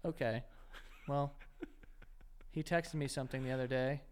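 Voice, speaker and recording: A man's voice: medium pitch, steady tone, moderate pace, clean tone. A man co-hosting a podcast, joking in casual chat and getting a little defensive. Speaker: podcast co-host. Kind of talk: casual banter.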